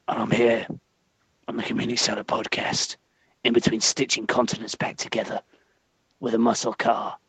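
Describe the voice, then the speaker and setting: A gruff, deadpan tough-guy action star with a flat English accent, put on by a man. The voice sits a little lower than his usual talk and drops to a mumble. It is dry and close, with nothing on the sound behind it. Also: no room sound, heavily acted.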